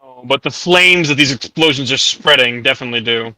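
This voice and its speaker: A man's voice: medium pitch, a little fast, sharp tone, rough recording. A man narrating as game master of a tabletop game in casual chat, with many filler words. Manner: casual, many ums and likes, laughs often.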